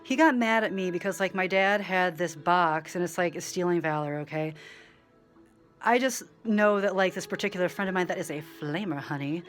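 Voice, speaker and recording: A woman vlogging in a rambling monologue, full of "like" and side tracks, swinging between loud animated bursts and quiet asides. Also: lowish voice, normal speed, soft background music. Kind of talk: rambling direct-to-camera monologue.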